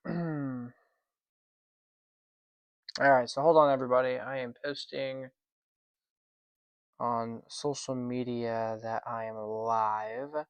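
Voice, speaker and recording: A man with a medium-pitched, clean voice and little pitch movement takes it slowly, with long pauses, while hosting a weather livestream from his room. He wheezes as he chats casually in a self-conscious, apologetic manner. The lo-fi stream audio is dry and dull, with no room sound.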